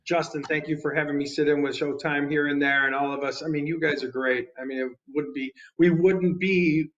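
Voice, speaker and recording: A man's voice: fairly high pitch, steady tone, brisk, fairly bright tone. Humble male guest musician, muffled sound. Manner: humble, grateful, rambling. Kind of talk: casual chat.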